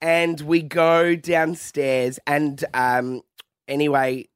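A young Australian man, a guest on breakfast radio, telling stories in a lively, laughing way. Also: on the high side, slow pace, clean tone, dry recording, clean studio sound. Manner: animated storyteller who laughs often. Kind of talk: casual radio chat. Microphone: studio mic.

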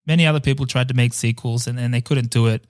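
A man co-hosting a podcast in casual chat, playful and quick to laugh. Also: medium pitch, steady tone, no room sound, studio quality. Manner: playful, laughs often, chatty with restarts. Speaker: podcast co-host.

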